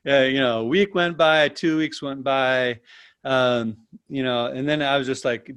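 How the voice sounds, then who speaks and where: A man as an interview guest, telling a personal story in a lively, casual way and often tagging his sentences with "right?". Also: mid-range voice, a little slow, clear, resonant tone. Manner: animated, tags sentences with "right?".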